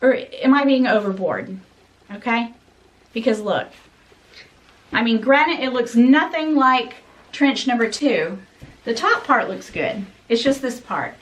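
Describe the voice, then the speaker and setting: A middle-aged woman chatting to camera during an unboxing, animated and exasperated, talking straight to her viewers. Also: fairly high pitch, measured pace, pauses often. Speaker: fashion vlogger. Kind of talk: casual unboxing chat to camera.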